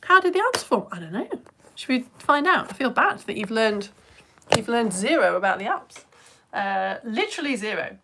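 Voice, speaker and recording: A British woman hosts a live children's science lesson, chatting eagerly with her viewers. Her voice sits a little high and is excitable and self-mocking. She explains things in a friendly, rambling way. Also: moderate pace, a little hiss or hum. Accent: British English. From United Kingdom.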